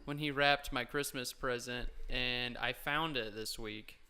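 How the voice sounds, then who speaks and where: Male podcast host, casual and deadpan, bright clean tone. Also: medium pitch, a little slow, clean tone. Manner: flat, offhand delivery. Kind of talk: casual chat among friends.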